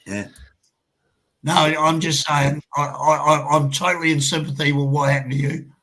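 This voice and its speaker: A man's voice: a little high, little pitch movement, moderate pace, fairly bright tone, low-quality recording. Blunt, sweary Australian man. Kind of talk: casual chat.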